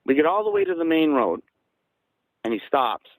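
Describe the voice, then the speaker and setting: Guest storyteller, man from southeastern Massachusetts, mid-pitched, dry close sound, animated. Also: normal speed, dry recording, poor audio. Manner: excited, gets louder and higher when quoting. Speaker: guest recounting an encounter. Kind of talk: casual storytelling.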